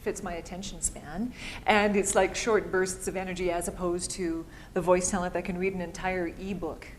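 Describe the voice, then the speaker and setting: A woman's voice: on the low side, steady tone, moderate pace, slight background noise. A woman voice-over artist answering audience questions at a live panel, chatty and upbeat, laughing easily.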